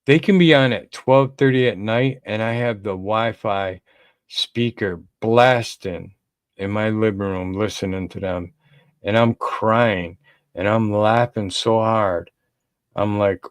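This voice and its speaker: A man's voice: on the low side, takes it slowly, smooth, dry recording. A man co-hosting a podcast in casual talk, emphatic and repeating his key lines. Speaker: podcast co-host.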